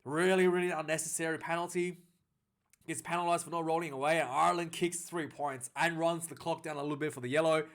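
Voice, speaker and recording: A man recapping a rugby match in a casual, rambling way, getting excited at big plays, with many fillers and restarts. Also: on the high side. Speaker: rugby reviewer.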